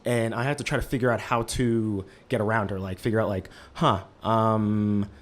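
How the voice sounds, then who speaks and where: A man in his twenties telling a lively first-person story on a small stage, talking through a microphone and filling his sentences with "like". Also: on the low side, fast talker. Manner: lively, heavy use of "like" fillers. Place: stage of a small live-event venue.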